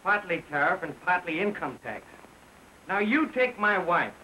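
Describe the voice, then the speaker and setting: A man's voice: high voice, big pitch swings, moderate pace, sharp tone, slight background noise, exaggerated voice, poor audio. A man playing a blunt, grumpy straight man in a 1930 film comedy sketch, curt in reply.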